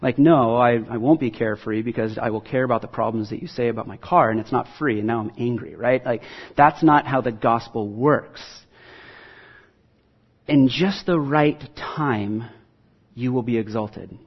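Husky man preaching a casual sermon. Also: medium pitch, brisk, few pauses, muffled recording. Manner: earnest, conversational preaching with self-deprecating asides. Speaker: pastor.

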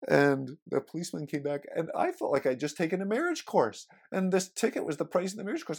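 A man's voice: on the high side, a little fast, creaky, a little mellow, husky. A middle-aged man, preaching a sermon in a conversational, storytelling way. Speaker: pastor.

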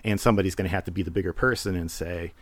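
A man's voice: deep voice, steady tone, rapid-fire, no room sound. A man hosting a podcast, talking through a film in casual solo commentary, rambling with many fillers and restarts. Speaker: podcast host.

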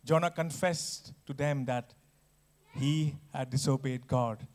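A man preaching a sermon, earnest and emphatic, with restarts and dramatic pauses. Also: medium pitch, fairly even intonation.

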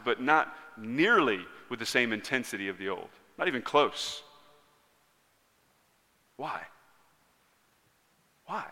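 A man in his thirties preaching a sermon as pastor, in an earnest way that swings between loud emphatic lines and hushed ones. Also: medium pitch. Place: church sanctuary. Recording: long reverb of a large hall.

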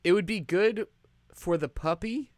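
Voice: medium pitch, unhurried, dry recording. A young adult co-hosting a casual podcast, making dry teasing jokes with hesitant fillers. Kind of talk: casual chat.

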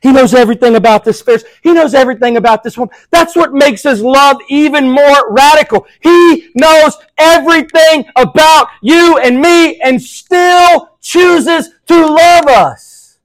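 High-pitched pastor guy preaching hard, gets loud then goes real quiet, dry close sound. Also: a little slow, no echo, rough recording. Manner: impassioned, swings from loud emphasis to hushed quoting. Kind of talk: sermon.

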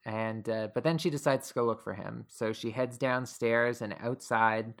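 A man's voice: medium pitch, steady tone, normal speed, vocal fry, fairly bright tone. A man co-hosting a podcast, casually recapping a horror film with many filler words and easy laughs. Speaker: podcast co-host.

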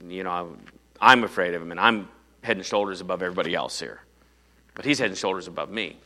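A fearful old king, voiced by a male preacher, speaks low and quiet, worried and dismissive of a boy's boast. His voice keeps some forceful edge. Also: fast. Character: fearful tall king, older man.

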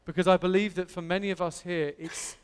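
A man's voice: high-pitched, steady tone, a little fast, clean tone, in a large hall. An Englishman preaching a sermon in a church, earnest and emphatic, building to exclamations. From England. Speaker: pastor. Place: church hall.

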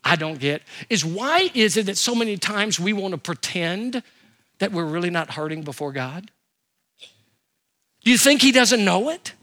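Lively older male preacher. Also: high-pitched. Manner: animated, humorous storytelling with rhetorical questions. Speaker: pastor. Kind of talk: sermon.

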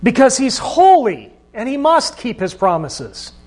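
A man's voice: extremely high pitch, big pitch swings, a little slow, darkish tone, a little hiss or hum. A man preaching a sermon, talking in a conversational way and asking the listeners questions. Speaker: pastor.

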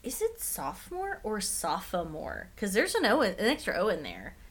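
A woman's voice: medium pitch, wildly swooping pitch, fast talker, breathy edge. A woman in her thirties co-hosting a podcast, playful and jokey in casual chat. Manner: playful, jokey, laughs often. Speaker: podcast co-host.

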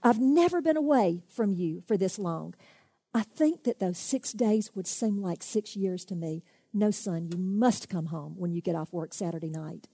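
A woman's voice: lowish voice, normal speed, warm tone, breathy edge, no echo. A woman voicing a loving father who pleads fondly and insistently with his son. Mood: tender. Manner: fond, pleading.

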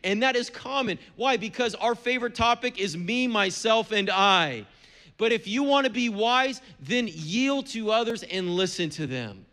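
A man's voice: high voice, lively intonation, measured pace, sharp tone. A middle-aged man, a pastor, preaching a sermon in an earnest, conversational way with touches of humor.

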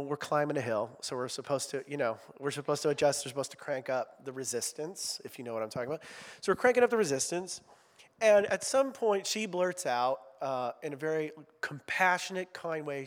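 Pastor preaching in a reverberant hall. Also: male voice, on the high side. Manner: chatty, self-deprecating humor with asides. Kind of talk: conversational sermon. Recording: long reverb of a large hall.

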